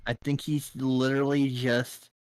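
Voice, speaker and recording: A man rambles through a casual podcast chat in a voice of middling pitch. He jokes as he goes and sometimes jumps into a squeaky mock voice. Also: level tone, measured pace, darkish tone, smooth. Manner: rambling, jokey, breaks into high silly voices. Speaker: podcast co-host.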